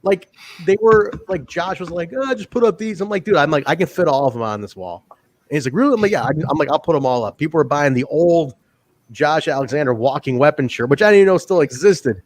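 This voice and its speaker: A man's voice: a little high, lively intonation, quick pace. A man co-hosting a casual podcast chat, telling profane backstage stories and acting out quotes in funny voices. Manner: profane storyteller, acts out quotes. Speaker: podcast co-host.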